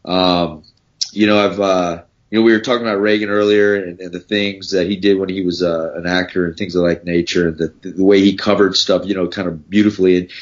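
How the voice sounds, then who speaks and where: A man with a very low voice answers in halting sentences, restarting often, with a dry wit. He is a former Navy SEAL talking as a podcast guest. The sound is dull and lo-fi. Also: fairly even intonation. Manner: halting, with many fillers and restarts, dry humor. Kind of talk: casual interview talk.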